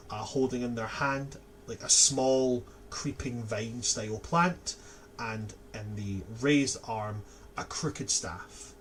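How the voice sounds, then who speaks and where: A man running a tabletop game as game master, slowly describing scenes with fillers like "uh" and "like". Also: medium pitch, a little hiss or hum.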